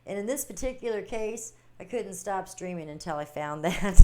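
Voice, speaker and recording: A woman hosting a casual livestream, chatting warmly with viewers, reading their comments and laughing often. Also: mid-range voice, animated, normal speed, few pauses, slight background noise. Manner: chatty, giggly, reading chat aloud. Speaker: livestream host.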